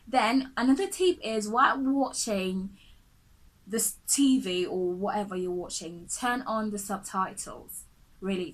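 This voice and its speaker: A woman's voice: mid-range voice, fairly bright tone, rough recording. A woman teaching English pronunciation straight to the viewer in an earnest, chatty way, often repeating herself and adding "really" and "guys". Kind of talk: direct-to-camera lesson.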